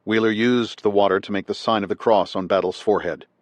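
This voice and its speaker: Male audiobook narrator, low voice, dry booth sound, measured scripted delivery. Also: no room sound. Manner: measured, steady reading.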